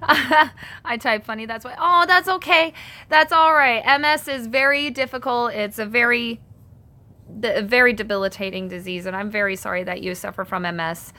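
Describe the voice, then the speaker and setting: A woman's voice: fairly high pitch, steady tone, moderate pace, sharp tone. A woman hosting a casual live stream from home. She reads viewer comments aloud and answers them, chatty and self-conscious, laughing often.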